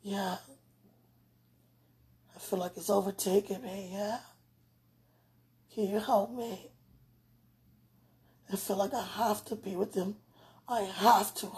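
A woman with a rough, gravelly voice and a very husky, breathy tone, speaking in casual spoken prayer and chat. Her talk rambles informally and swings between near-whispers and louder stretches. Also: mid-range voice, steady tone, slow pace, long pauses. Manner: rambling and informal, drifting between hushed and loud.

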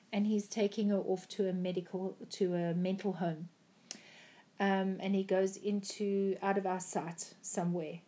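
Woman telling her dream story, mellow warm voice, lots of ums, earnest. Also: medium pitch. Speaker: Christian speaker. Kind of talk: recounting a prophetic dream.

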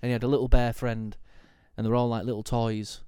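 A Northern English man banters quickly and laughs easily on a podcast. His voice sits in a middle register. The sound is dry and close. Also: mid-range voice, level tone, mellow, smooth, no echo. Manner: jokey, laughs a lot. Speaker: podcast co-host. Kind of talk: casual chat.

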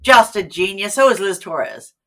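An American woman, middle-aged, telling stories as an actor guest in a casual interview, animated and quick to laugh. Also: mid-range voice. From United States. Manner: animated storyteller, laughs easily.

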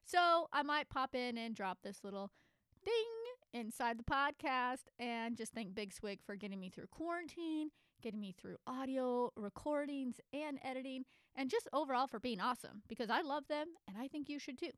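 A woman's voice: high voice, animated, moderate pace, fairly bright tone, smooth, dry recording. A woman hosting her own podcast from a home studio, chatting in an enthusiastic, casual way. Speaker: podcast host. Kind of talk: casual solo podcast talk.

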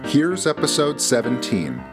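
A man's voice: mid-range voice, wildly swooping pitch, a little slow, over loud music. A man hosting a podcast, reading a scripted narration with a dry, wry delivery. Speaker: podcast host.

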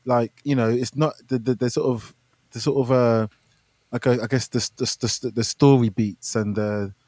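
A man's voice: mid-range voice, steady tone, normal speed, darkish tone, no room sound. A man co-hosting a podcast, talking casually about a film and stumbling over repeated words. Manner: hesitant, repeats words when unsure. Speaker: podcast co-host. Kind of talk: casual film review chat.

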